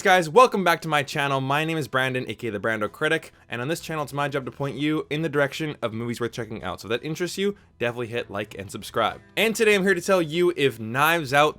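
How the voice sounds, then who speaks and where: A man's voice: mid-range voice, fairly bright tone. A young man hosting a casual movie review vlog, talking enthusiastically in an informal, chatty way. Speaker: movie reviewer, channel host.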